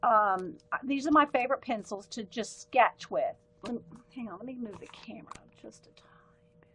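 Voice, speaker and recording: A woman's voice: a little high, normal speed, fairly bright tone, slight background noise, poor audio. A woman with a light Southern accent hosting a casual live art stream, chatting in a rambling way with frequent ums and self-corrections while she tries out pens at her desk. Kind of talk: casual livestream chat.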